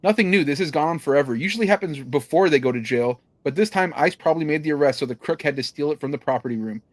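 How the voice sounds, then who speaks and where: A young man co-hosting a podcast reads news headlines and listener comments aloud, laughing and tossing in joking asides. His voice sits on the high side and he talks fast. The recording is dry.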